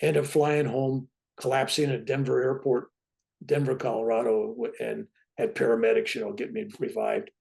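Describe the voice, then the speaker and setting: A man in his seventies, a podcast guest telling a personal story in an animated, wry conversational way. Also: medium pitch, normal speed, creaky. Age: 70s.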